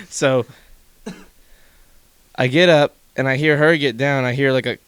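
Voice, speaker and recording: Lively young man telling a story. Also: medium pitch, unhurried, clear, resonant tone, dry recording. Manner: animated storytelling, swearing, laughing. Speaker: podcast host. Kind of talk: casual chat. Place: home room, basement.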